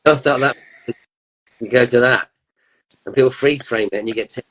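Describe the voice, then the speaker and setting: A man's voice: medium pitch, normal speed, fairly bright tone, low-quality recording. A man, a musician guest on a casual chat show, teasing wryly and slipping into funny voices. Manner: wry, teasing, does funny voices in asides.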